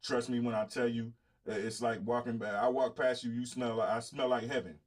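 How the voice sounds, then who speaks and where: A man's voice: mid-range voice, fairly even intonation, fairly quick. A middle-aged man with a Southern US accent, hosting his own show in a blunt, boastful, profane monologue aimed at his audience. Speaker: podcast host. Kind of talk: blunt casual monologue to viewers.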